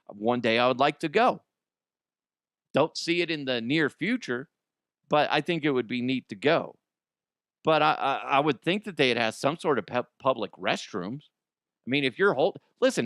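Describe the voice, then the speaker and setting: A man's voice: fairly high pitch, a bit bright, dry recording, studio quality. A middle-aged man hosting a comedy news show, rambling and joking. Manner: rambling, joking, laughs often. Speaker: podcast host.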